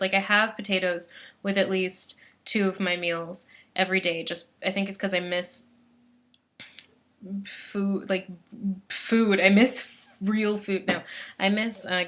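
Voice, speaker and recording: Bright-voiced rambling teenage woman. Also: medium pitch. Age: late teens. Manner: rambly, frazzled, full of "like" and "um". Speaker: vlogger. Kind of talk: casual video diary. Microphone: built-in computer webcam mic.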